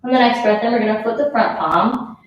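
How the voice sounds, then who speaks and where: A woman's voice: a little high, a little fast, lo-fi sound, a little hiss or hum. A woman leading a yoga class, out of breath as she gives casual, encouraging cues and counts down the breaths. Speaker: yoga instructor. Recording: very echoey room, mic far off.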